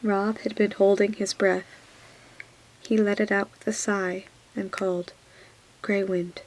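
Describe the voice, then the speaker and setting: A woman reading a fantasy novel aloud in a soft whispered role-play, hushed and gentle. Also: mid-range voice, level tone, a little slow, low-quality recording. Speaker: audiobook reader.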